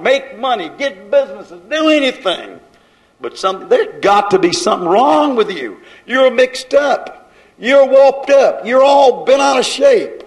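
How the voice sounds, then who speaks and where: A man's voice: high voice, poor audio. A man preaching a fiery sermon, scolding his congregation in rhythmic, repeated phrases and folksy grammar.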